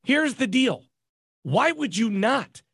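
Gravelly, animated man co-hosting. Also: very high-pitched, slow pace, no room sound, clean studio sound. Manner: excitable, mock-indignant, gravelly. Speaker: podcast co-host. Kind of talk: casual sports chat.

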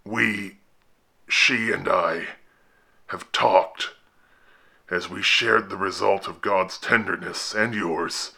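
A man reading an audiobook horror tale, voicing a sorrowful, pious castaway who speaks slowly and haltingly in a hushed, gravelly voice. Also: sits low, steady tone, exaggerated voice. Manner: slow, halting, subdued delivery.

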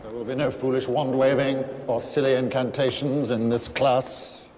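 An actor playing a stern, cold male potions professor in a film scene, speaking slowly and deliberately with a menacing edge. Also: medium pitch, little pitch movement, lightly acted. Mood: coldly menacing. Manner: slow, deliberate, menacing delivery. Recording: film clip with long hall reverb and faint noise.

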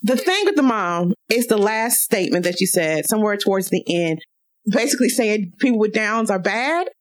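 A woman co-hosting a podcast, talking in an animated, outspoken way and laughing often. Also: medium pitch, moderate pace, poor audio. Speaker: podcast co-host. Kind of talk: casual podcast chat.

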